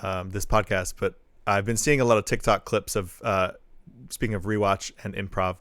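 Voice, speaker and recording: A man's voice: lowish voice, steady tone, normal speed, a bit bright, no room sound, studio quality. A man co-hosting a live-streamed chat show, mostly listening and reacting with short responses and laughs. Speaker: podcast co-host. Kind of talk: casual chat.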